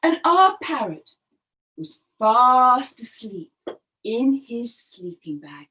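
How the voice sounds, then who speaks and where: A woman storyteller telling a story to young children, expressive and animated, asking them questions as she goes. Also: fairly high pitch, takes it slowly.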